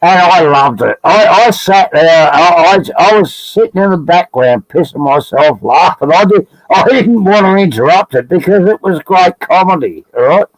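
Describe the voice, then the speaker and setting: A man's voice: high voice, expressive, normal speed, hardly any pauses, no echo, poor audio. A man with an Australian accent, chatting as a guest on a live stream, rambling and joking with frequent laughs. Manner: rambling, jokey, laughs often. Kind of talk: casual live stream banter.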